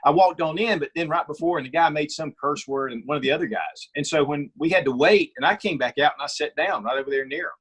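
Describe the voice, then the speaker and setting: A middle-aged man, a guest on an interview, talking in an opinionated, storytelling way with a husky voice. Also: on the high side, fast talker, few pauses, a bit bright. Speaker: guest, firearms reviewer. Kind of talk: casual interview chat.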